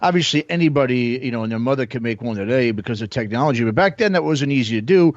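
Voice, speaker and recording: A man's voice: mid-range voice, animated, quick pace, no echo, muffled recording. Easygoing man trailing off mid-thought. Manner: thinking aloud, trailing off, with fillers. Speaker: podcast co-host. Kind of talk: casual podcast chat.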